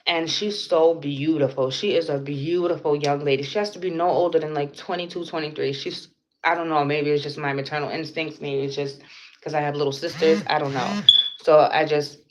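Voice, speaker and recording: Speaking a little fast in a low voice with fairly even intonation, a young woman on a home livestream tells a blunt, profane story from her day, heavy on fillers. She's a vlogger, and the recording is slightly dull, lo-fi and faintly noisy.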